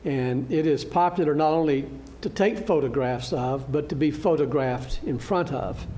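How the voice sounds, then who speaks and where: A man teaching a church Bible class, lecturing through a slide show in a halting way, with frequent fillers and restarts. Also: fairly high pitch, mellow. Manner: good-humored, laughs at his own slip.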